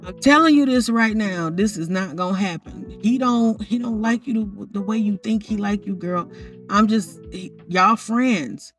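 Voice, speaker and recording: A woman talks her way through a game story in a loose, gossipy tone, ribbing the characters as she goes. Her voice sits a little back from the microphone. Soft music plays underneath. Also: medium pitch, a little slow, far from the mic. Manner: chatty, teasing, talks straight to the characters. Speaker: narrator of a life-simulation story. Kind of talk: casual commentary over gameplay footage.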